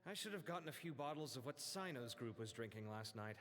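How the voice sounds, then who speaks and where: Chatty, animated young man as voiced by an actor. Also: medium pitch, quick pace, close to an everyday voice. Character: excitable young male architect, talkative and expressive. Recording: game audio with faint music.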